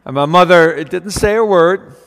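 A man's voice: high voice, moderate pace, big-room sound. An older man preaching a storytelling homily in a folksy way, with fillers and asides.

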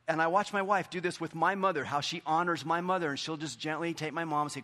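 A middle-aged man preaching a sermon, earnest and conversational, dropping into quiet asides. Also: a little high, steady tone, fast, few pauses. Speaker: pastor.

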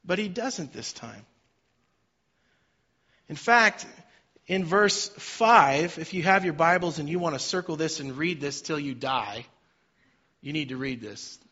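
A man, a pastor, preaching a sermon with dynamic swings between loud emphasis and soft, quiet lines. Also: on the high side, expressive, moderate pace, slightly rough, highs cut off.

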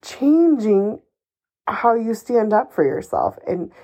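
A woman's voice: fairly high pitch, very animated, takes it slowly, mellow. A woman hosting a solo advice podcast, talking in an emphatic, encouraging and somewhat ranty way, swearing casually. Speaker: podcast host.

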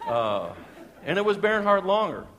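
A middle-aged man, preaching a sermon as a pastor and telling a personal story in a lively, folksy way with chuckles. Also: high-pitched, moderate pace. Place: church sanctuary. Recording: long church hall reverb.

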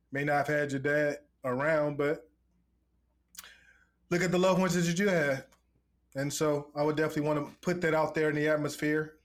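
A man co-hosting a podcast in casual chat, joking and upbeat with encouraging words. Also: fairly high pitch. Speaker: podcast co-host.

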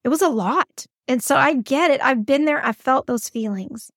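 A woman's voice: high-pitched, normal speed, fairly bright tone, no echo, studio quality. A woman hosting an advice podcast, talking in a chatty, encouraging and emphatic way. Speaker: podcast host.

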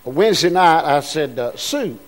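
A man's voice: sits high, animated, unhurried. A man preaching a sermon as pastor, folksy and rousing, calling out to the congregation. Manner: folksy, call-and-response preaching with rising bursts.

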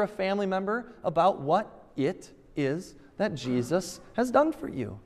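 High-voiced pastor preaching in a reverberant church. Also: male voice, very animated, unhurried, few pauses. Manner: emphatic, repeats rhetorical questions. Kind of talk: sermon.

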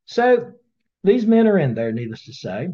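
A man teaching a Bible study in a casual webinar, his voice sitting a bit high and swinging widely as he tells the story. He acts out the characters along the way, and the lo-fi audio sounds dull. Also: big pitch swings, moderate pace.

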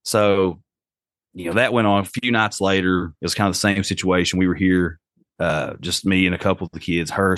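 A man's voice: sits low, fairly bright tone, no room sound, studio quality. A man, telling a story casually as a podcast guest and acting out the voices he quotes.

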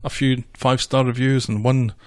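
A man's voice: medium pitch, flat delivery, normal speed, a little mellow. A man co-hosting a casual podcast from a small office, making dry remarks while recapping an episode. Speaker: podcast co-host.

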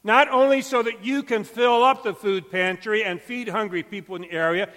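A man preaching a sermon as pastor, emphatic and swinging between loud calls and hushed, quiet stretches. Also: high voice, steady tone, moderate pace. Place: church sanctuary. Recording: long church hall reverb.

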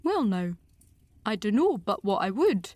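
A woman reading an audiobook, voicing a shy, gentle elderly farmer who speaks in a slow, hesitant rustic drawl. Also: mid-range voice, big pitch swings. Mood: mild.

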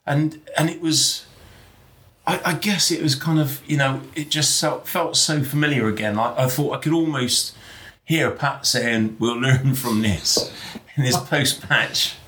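A man's voice: a little high, a little slow, sharp tone. A man co-hosting a fan podcast, making wry jokes in casual chat. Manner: wry, joking. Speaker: podcast co-host.

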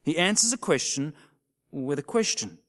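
A male minister preaching a sermon, asking the congregation questions and dropping to a soft voice at times. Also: a little high, moderate pace. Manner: animated, questioning the congregation with sudden soft drops.

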